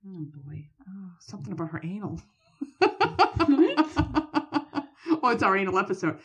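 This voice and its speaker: A woman's voice: medium pitch, normal speed, pauses often, pushed and bright, breathy edge. A woman from Boston with a Boston accent, co-hosting a podcast in blunt, laughing, casual chat. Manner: blunt, laughing, swears freely. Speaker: podcast co-host.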